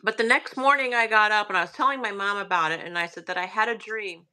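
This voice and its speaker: Southern woman, bright forward tone, halting hushed storyteller, lots of fillers. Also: mid-range voice. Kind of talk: casual storytelling.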